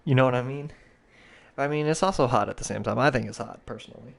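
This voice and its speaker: A man's voice: medium pitch, fast, gravelly. A young man hosting a podcast, telling a rambling, profane story in a casual, slangy way. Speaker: podcast host.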